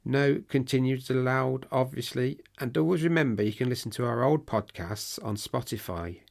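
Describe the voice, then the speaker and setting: A man as a chatty podcast co-host, rambling and joking through his notes. His voice is gravelly with some fry and is wearing thin and hoarse. The delivery is loose and casual. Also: mid-range voice, moderate pace, a little mellow. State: voice going hoarse.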